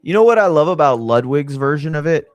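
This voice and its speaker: A man's voice: on the high side, expressive, a little fast, no room sound. A young man casually reacting to wrestling in a slangy, profane, blunt way.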